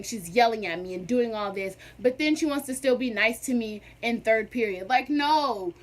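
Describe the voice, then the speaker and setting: A young woman vlogger telling a storytime in a sassy, animated, dramatic way. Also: fairly high pitch. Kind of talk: casual storytime.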